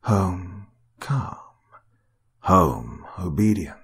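A man voicing a menacing disembodied entity that whispers in halting, flat broken words. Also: sits low, husky, full character voice.

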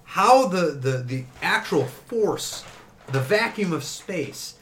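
A man co-hosting a podcast in casual chat, excitable, swearing often and saying "dude". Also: fairly high pitch, takes it slowly, a little hiss or hum.

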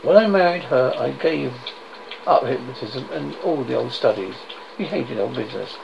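A man reading the part of a feverish, desperate bedridden man who begs to go to his dead wife, in a gravelly voice with broken repetitions. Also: mid-range voice, expressive, moderate pace, a little mellow. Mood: urgent. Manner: pleading, frantic, broken repetitions. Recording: dull lo-fi noisy recording.

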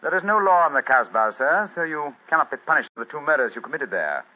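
An actor playing a cool, precise master detective, quietly superior, in 1940s radio acting style. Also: male voice, fairly high pitch, big pitch swings, quick pace. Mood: coolly accusing. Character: sharp, cool-headed male master detective. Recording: dull lo-fi 1940s radio recording.

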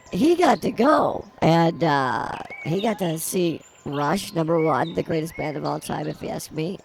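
A woman's voice: mid-range voice, vocal fry, a little mellow, slight background noise. A woman co-hosting an improvised comedy podcast outdoors at a zoo, rambling in silly, mock-defiant banter. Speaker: podcast co-host.

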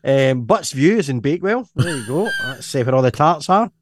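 A man's voice: on the high side, very animated, moderate pace, no echo, clean studio sound. A Scottish man hosting a casual podcast chat, rambling and chuckling as he reads items out. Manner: rambling, chuckling, self-interrupting. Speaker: podcast host.

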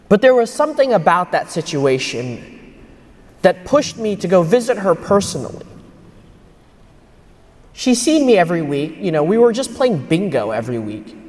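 A young man giving a homily at Mass as a priest, telling a personal story in an earnest way. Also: sits high. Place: church. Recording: long church reverb.

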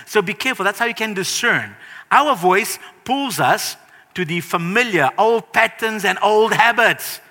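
A man preaching a sermon in an earnest, emphatic way, with sudden louder rises. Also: high-pitched, lively intonation, a little slow. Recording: reverberant hall.

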